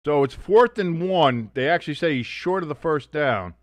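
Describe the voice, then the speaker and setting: A man hosting a live sports watch-along, talking through the plays, swearing freely and arguing loudly with the referees' calls. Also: on the high side, normal speed, dry recording. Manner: excitable, swears, argues with the referees.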